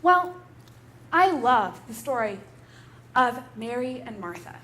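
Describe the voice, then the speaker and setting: A woman's voice: on the high side, sing-song, slow pace, bright, forceful tone. A woman pastor giving a conversational sermon in a church, telling a story in a relatable way.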